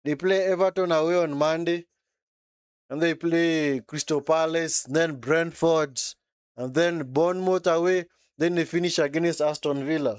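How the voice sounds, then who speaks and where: A man's voice: on the high side, fairly even intonation, unhurried, clear, resonant tone, no echo, clean studio sound. A man giving casual live football commentary during a watchalong, chatty and reacting as he goes, often tagging sentences with short asides. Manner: chatty, frequent tag words like man and eh.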